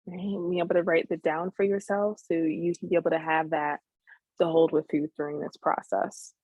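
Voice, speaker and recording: Earnest woman teaching a webinar, lowish voice. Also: little pitch movement, normal speed, a little mellow, slightly rough, no room sound, low-quality recording. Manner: earnest, keeps checking in with "right?". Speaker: therapist hosting a webinar.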